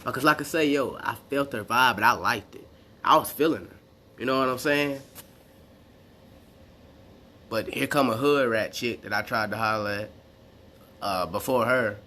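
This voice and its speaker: This young vlogger's medium-pitched voice sounds pushed and bright against slight background noise. He meanders casually through a personal tale, heavy on slang and restarts, replaying exchanges as quotes.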